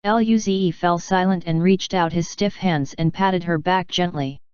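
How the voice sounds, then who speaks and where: Smooth, clear woman narrating an audiobook. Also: lowish voice, steady tone, measured pace, darkish tone, no echo, dull audio. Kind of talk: scripted narration.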